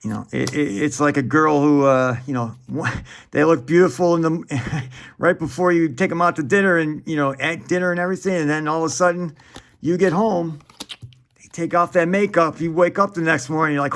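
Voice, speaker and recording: Gravelly, rambling man opening cards. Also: on the high side, moderate pace, a bit bright. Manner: rambling, profane, chuckling, says "man" a lot. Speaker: trading card breaker. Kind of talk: casual rambling chat while opening card packs.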